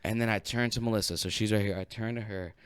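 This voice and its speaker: A young man co-hosting a podcast, telling a story in casual chat, animated and swearing a lot as he acts out what people said. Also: fairly low pitch, fast, clean tone, no room sound, studio quality. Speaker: podcast co-host.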